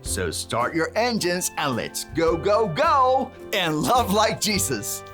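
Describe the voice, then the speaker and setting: A man's voice: high voice, very animated, slow pace, fairly bright tone, soft background music, full character voice. A man playing a cheerful handyman who leads children in call-and-response cheering and drops Spanish words. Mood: cheery. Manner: bouncy, call-and-response with kids, bursts of cheering. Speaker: children's ministry presenter.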